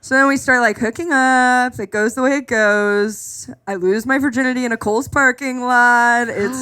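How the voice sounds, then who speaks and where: A young woman with a high, bright voice tells a story to a live audience, animated and self-mocking, switching into voices for the people in her tale. She talks into a stage microphone. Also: normal speed, smooth. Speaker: stand-up comedian. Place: live comedy club stage.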